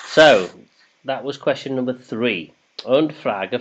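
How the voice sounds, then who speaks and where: A man's voice: medium pitch, takes it slowly, slightly rough. A man hosting a casual quiz, chatty and jokey, reading questions in English and then in German. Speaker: quiz host. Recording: dull lo-fi sound.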